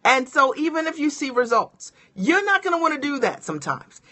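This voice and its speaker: A woman's voice: high voice, fairly quick. A middle-aged woman giving a motivational live-stream talk as a business coach, speaking straight to her viewers and encouraging them. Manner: energetic and encouraging, addresses viewers directly.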